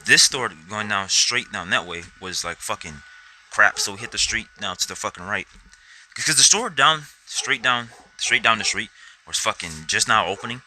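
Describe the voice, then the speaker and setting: A man's voice: on the low side, expressive, normal speed, sharp tone, slight background noise, poor audio. A young man telling a rambling personal story to camera, swearing constantly and acting out his own reactions. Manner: rambling, heavy swearing, acts out quotes. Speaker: vlogger.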